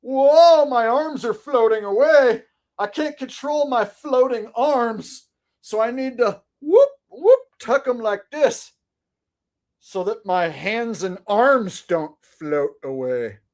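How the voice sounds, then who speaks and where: A man's voice: very high-pitched, animated, takes it slowly, darkish tone, pitched above the performer's own voice, full character voice. A man putting on a mock-alarmed astronaut fretting about his arms floating away. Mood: mock panic. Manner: exaggerated, mock-alarmed whining.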